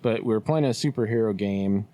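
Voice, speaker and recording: A man co-hosting a podcast, telling stories in a relaxed way and laughing often. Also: on the low side, a little fast. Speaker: podcast co-host. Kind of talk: casual chat.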